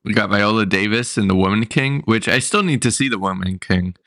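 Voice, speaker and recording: A man's voice: lowish voice, brisk, fairly bright tone, no echo, clean studio sound. A man on a podcast panel, chiming in with brief, agreeable remarks. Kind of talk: casual chat.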